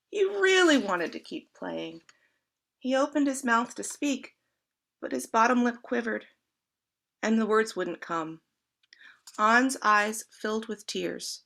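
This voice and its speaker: A woman reading a picture book aloud to children, gently inviting the listeners with questions. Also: on the high side, creaky. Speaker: storyteller.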